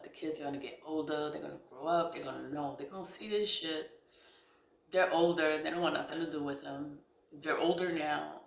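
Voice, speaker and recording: Middle-aged woman, casual confessional storyteller: blunt, profane, quick to laugh; echoey room. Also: deep voice, gravelly. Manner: blunt and candid, swears freely, laughs between lines. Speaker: spiritual content creator. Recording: roomy echo.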